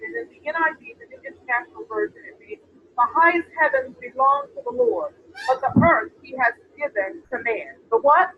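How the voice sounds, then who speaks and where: A woman's voice: very high voice, big pitch swings, a little fast. A woman preaching a sermon, reading scripture aloud and asking the congregation questions. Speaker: apostle preaching. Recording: tinny phone-like sound with faint noise.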